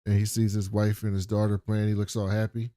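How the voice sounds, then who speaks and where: Animated man recapping a show. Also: lowish voice, a little fast, no echo, studio quality. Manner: animated, profane, acts out quotes in funny voices. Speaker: podcast co-host. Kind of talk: casual recap chat.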